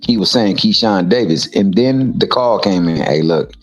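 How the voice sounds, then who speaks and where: A man's voice: lowish voice, moderate pace, highs cut off. A man co-hosting a casual boxing talk show, making his points emphatically and often repeating words. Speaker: co-host.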